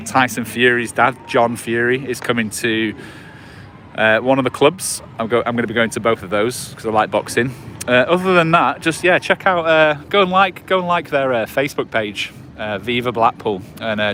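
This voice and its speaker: A man's voice: medium pitch, fairly even intonation, normal speed, pushed and bright, a little hiss or hum. A man in his forties chatting casually with livestream viewers on a phone, rambling with lots of fillers and restarts, outdoors on a promenade at night. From England. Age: 40s. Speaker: livestream host. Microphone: phone on a gimbal.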